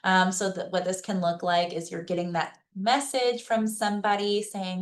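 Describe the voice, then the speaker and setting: Presenting at a webinar on senior services, this woman talks at normal speed with barely any pauses, her mid-range voice staying level. She explains practical tips simply and reassuringly in a conversational style, regularly asking listeners "okay?" or "right?"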